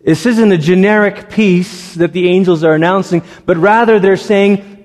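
A man delivers a sermon in a relaxed, conversational way, often restarting his sentences. His voice sits a little higher than most men's. The long reverb of a church sanctuary trails after every phrase. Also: normal speed, few pauses. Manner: conversational, with frequent restarts and stumbles. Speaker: pastor.

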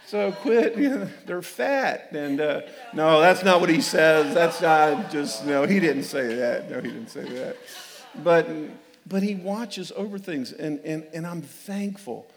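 A male pastor preaches in a church sanctuary with a high, emphatic voice. He jokes, repeats himself and calls out for amens. His voice rings with the long reverb of a large hall. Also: a little slow. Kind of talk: sermon.

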